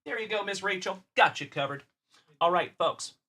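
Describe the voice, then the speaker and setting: A man's voice: sits high, normal speed, pushed and bright. A middle-aged man from South Texas hosting a casual card-breaking livestream, chatty and upbeat, greeting viewers by name.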